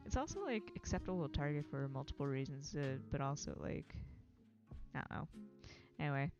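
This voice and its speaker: Low-voiced american woman rambling on her stream, swears a lot, laughs, faint music behind. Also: animated, brisk, creaky, lo-fi sound. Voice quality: swears freely, laughs often, chatty and self-deprecating. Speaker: livestream host. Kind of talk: casual rambling chat.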